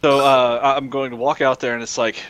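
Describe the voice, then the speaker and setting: A man playing a tabletop game, talking in a halting way that repeats words. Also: mid-range voice, level tone, fairly bright tone, clean tone, dry recording. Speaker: player. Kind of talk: tabletop game role-play.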